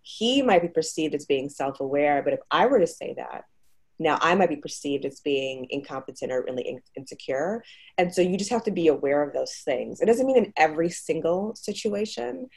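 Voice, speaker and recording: A woman speaking as a guest, explaining research in a measured, explanatory way. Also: sits low, animated, gravelly, a little mellow, husky. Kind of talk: advice-giving conversation.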